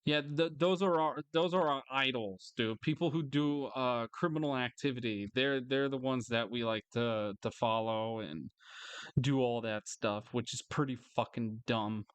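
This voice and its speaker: A frustrated man in a solo vlog rant, swearing freely and circling back over the same complaints. His voice is smooth and clear, middle in pitch, recorded close and dry with no room sound. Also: a little slow, no room sound. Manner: bursts into higher mocking voices. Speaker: vlogger. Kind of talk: angry ranting monologue.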